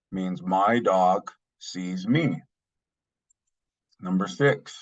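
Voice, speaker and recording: Slow, low-voiced man teaching a language. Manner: careful, repeats each phrase slowly then explains it. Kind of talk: slow spoken language lesson. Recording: dull lo-fi sound.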